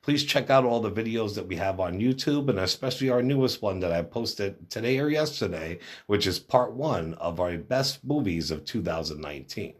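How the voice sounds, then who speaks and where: A man's voice: lowish voice, lively intonation, normal speed, few pauses. A man hosting a wrestling news podcast, reading stories and quotes aloud with casual asides. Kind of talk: read-out news roundup.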